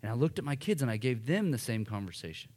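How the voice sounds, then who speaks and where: A man in his thirties preaching in church, telling a self-deprecating story in a casual, animated way. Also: medium pitch, quick pace. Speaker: pastor. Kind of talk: sermon with personal story. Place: church hall.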